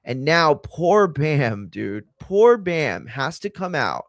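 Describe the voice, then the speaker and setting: A man's voice: on the high side, sing-song, takes it slowly, dry recording, clean studio sound. A man hosting a watch-along stream, chatting casually in a rambling, sarcastic and exasperated way. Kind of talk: casual chat.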